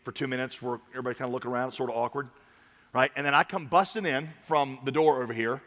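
A man preaching a sermon from a church stage, swinging between loud urging and quiet earnest talk. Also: mid-range voice, fast, in a large hall. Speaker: pastor.

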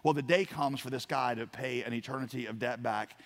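A man preaching a sermon as a pastor, telling a parable with acted-out voices and swings from quiet to loud. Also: medium pitch, a little fast. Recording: long hall reverb.

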